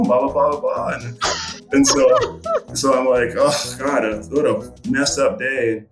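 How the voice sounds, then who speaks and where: A man's voice: mid-range voice, normal speed, echoey room, music in the background. A middle-aged man and fishing guide, telling a story casually in a rambling way with many fillers. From Montana.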